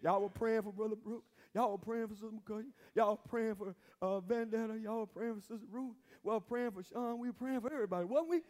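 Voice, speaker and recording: A man with a strikingly high voice delivers a sermon as pastor. He drives call-and-response with his congregation and repeats key phrases for emphasis. The sound carries the long reverb of a church sanctuary. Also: fairly quick, few pauses, a little mellow.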